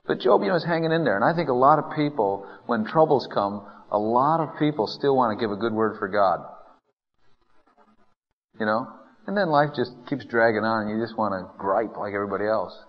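In a church hall, a man preaches a conversational sermon to his congregation, acting out complaints in the first person and chuckling often. His voice is fairly low, animated and fairly quick, captured in dull lo-fi sound with long hall reverb.

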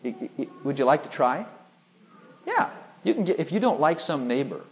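A man's voice: a little high, sing-song, moderate pace, poor audio. Man preaching a personal testimony. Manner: earnest storytelling, acts out his own lines, bursts into extravagant sung phrases. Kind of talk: sermon testimony.

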